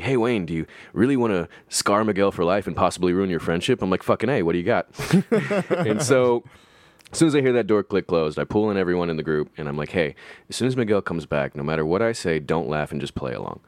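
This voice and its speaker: A man's voice: sits low, darkish tone, no echo. A man telling a story in casual chat, laughing often and putting on voices for quotes.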